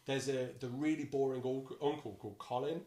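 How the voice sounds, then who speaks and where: A man with a bassy voice, a dungeon master chatting casually as a podcast guest, playful and animated, often slipping into quick character voices. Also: echoey room.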